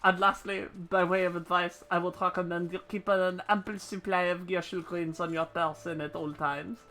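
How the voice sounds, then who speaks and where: A man's voice: sits high, level tone, moderate pace, bright, forceful tone, poor audio. A man reading out the lines of a formal noble chocobo trainer in a put-on French accent, stumbling over some words. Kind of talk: reading game dialogue aloud on a live stream.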